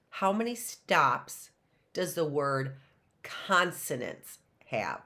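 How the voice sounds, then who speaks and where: A woman's voice: low-pitched, big pitch swings, slow, pushed and bright. A woman teacher with an American accent giving an online phonics lesson to children, coaxing them to call out answers in a sing-song way.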